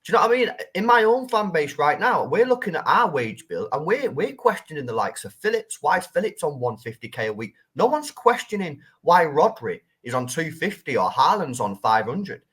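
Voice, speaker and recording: A man on a football fan panel, arguing his point in an animated, insistent way. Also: fairly high pitch, brisk, few pauses, slightly rough. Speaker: panel guest. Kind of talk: football opinion talk.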